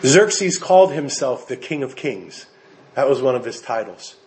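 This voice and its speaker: An American man preaching a sermon, animated and emphatic, with jokes for the congregation. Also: mid-range voice, unhurried. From United States. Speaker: pastor.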